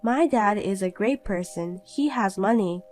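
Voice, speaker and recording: A woman voicing a calm young woman in an animated story who answers back coolly and pointedly. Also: mid-range voice, a little slow, faint music behind, close to an everyday voice. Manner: cool, pointed replies.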